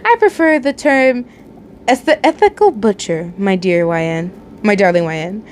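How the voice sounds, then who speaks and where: A woman's voice: mid-range voice, expressive, measured pace, darkish tone, slight background noise, natural voice. A woman reading as a polite cannibal psychiatrist. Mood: calm.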